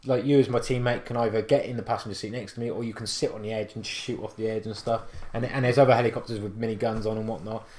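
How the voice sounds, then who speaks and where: A man with a West Country English accent co-hosting a gaming podcast, telling stories in a rambling, animated way full of restarts. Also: lowish voice, fast talker, few pauses, roomy sound. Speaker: podcast co-host. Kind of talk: casual chat.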